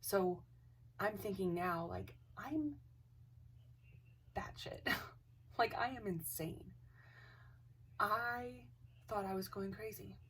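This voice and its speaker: A woman's voice: mid-range voice, fairly even intonation, takes it slowly, pauses often, fairly bright tone, slightly rough, distant mic. A young woman casually telling a ghost story, hesitant, with many restarts and dips into near-whispers.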